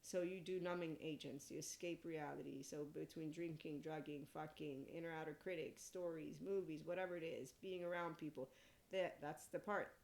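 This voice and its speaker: Woman podcast host, low voice, loose rambling monologue, blunt, laughs a lot. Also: steady tone, moderate pace, vocal fry, a little mellow. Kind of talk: casual spiritual monologue.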